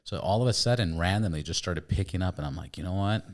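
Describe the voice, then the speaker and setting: A man's voice: deep voice, animated, fast. A man hosting a podcast in a candid, chatty conversation, swearing casually. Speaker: podcast host. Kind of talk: casual chat.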